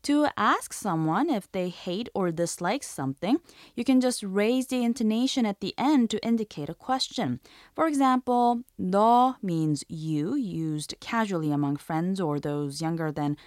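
Clear, deliberate woman language-lesson host. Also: fairly low pitch, darkish tone, no room sound, studio quality. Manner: clear, deliberate, repeats example phrases slowly.

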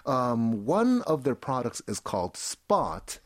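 A man's voice: mid-range voice, wildly swooping pitch, slow pace, dry recording, clean studio sound. A man talking as a guest in an interview, explaining an artist's work with many fillers and frequent "right?" check-ins. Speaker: art commentator guest. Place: studio in Seoul.

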